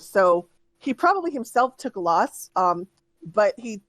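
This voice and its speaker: A woman runs a tabletop game, narrating loosely and stopping to restart her sentences with um after um. Her pitch sits in the middle of the range. The sound is dry and close. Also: no room sound, poor audio. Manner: rambling, full of ums and restarts. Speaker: game master.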